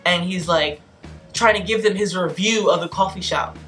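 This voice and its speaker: A young woman vlogger telling a bad-date story in an animated, exasperated way, acting out the quotes. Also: lowish voice, moderate pace, faint music behind. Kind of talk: storytime vlog.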